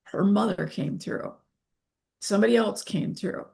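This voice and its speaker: Animated woman in her fifties. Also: medium pitch, unhurried, creaky. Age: 50s. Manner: animated, acts out quoted dialogue. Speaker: interview guest. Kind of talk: candid interview talk.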